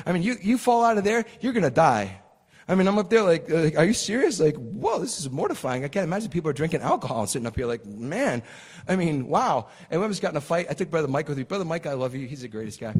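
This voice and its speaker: A high-pitched man preaching a sermon in a church with a long, ringing echo. He talks like he's telling stories to friends, tossing in "right?" every few lines. He then breaks into loud, shouted bursts of excitement. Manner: chatty storytelling that bursts into shouted exclamations; keeps asking the crowd "right?". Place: church sanctuary. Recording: long hall reverb.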